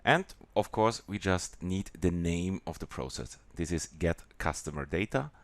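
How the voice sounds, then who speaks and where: A man with a German accent walking through a software tutorial in a halting way, with many pauses and fillers. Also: deep voice, lively intonation, no echo. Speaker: software demonstrator.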